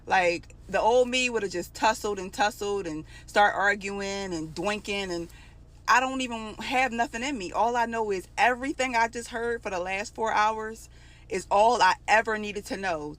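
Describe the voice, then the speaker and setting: A woman in early adulthood recounts a personal story in a loose, conversational way. Her voice sits in a middle pitch and carries strong feeling through the telling. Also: moderate pace, a bit bright. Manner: emotional, conversational retelling. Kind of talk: casual storytime.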